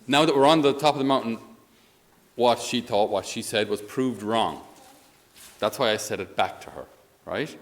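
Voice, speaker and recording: An Irish man speaking as a priest in a conversational homily. He is a lively storyteller who often chuckles as he talks. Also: on the low side, normal speed. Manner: animated storyteller, chuckles while talking.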